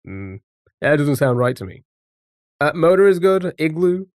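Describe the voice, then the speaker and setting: A man's voice: fairly high pitch, very animated, moderate pace, darkish tone, dry recording. Chatty male streamer, dry close mic. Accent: non-American English. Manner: chatty, greets viewers, thinks aloud while guessing words. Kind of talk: casual live-stream chat.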